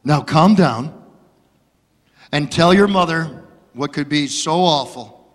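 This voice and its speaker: A man voicing a calm, coaxing mother in a joke, speaking firmly and soothingly. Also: a little high, slow, long reverb tail.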